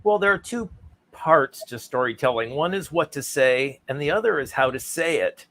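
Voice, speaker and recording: A man answers interview questions with articulate, rhythmic emphasis, shaping each point carefully. His voice sits a little higher than most men's. He comes across as an experienced speaking coach. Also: animated, normal speed, fairly bright tone. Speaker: guest, author and speaking coach.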